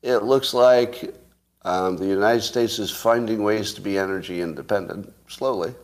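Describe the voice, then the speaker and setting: Low-voiced man musing casually. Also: moderate pace. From California. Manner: rambling, musing, joking. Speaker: host. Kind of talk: casual chat with listeners.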